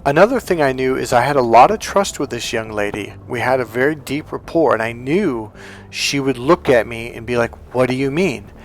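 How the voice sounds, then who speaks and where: A man's voice: fairly quick, soft background music. A man who works as a relationship coach and hypnotherapist, telling a personal story as motivational talk and acting out the dialogue in it. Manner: animated, acts out quoted dialogue with high lifts in pitch.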